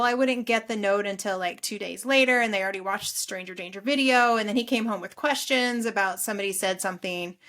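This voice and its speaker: Chatty middle-aged woman, higher voice. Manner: chatty, animated storytelling with acted-out quotes. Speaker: podcast guest. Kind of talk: casual storytelling interview.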